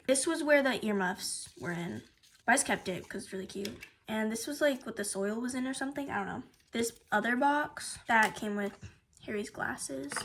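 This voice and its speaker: A young woman gushing in a casual review, bubbly and excitable, with "like" all through her talk. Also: a little high, a little hiss or hum. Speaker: book reviewer.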